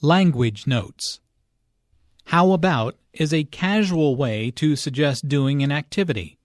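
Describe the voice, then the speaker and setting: A man explaining English phrases in a scripted lesson, speaking slowly with careful stress on key words. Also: on the high side, no room sound, clean studio sound. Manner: slow, careful, clearly stressed delivery. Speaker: English teacher. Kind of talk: scripted lesson narration and dialogue.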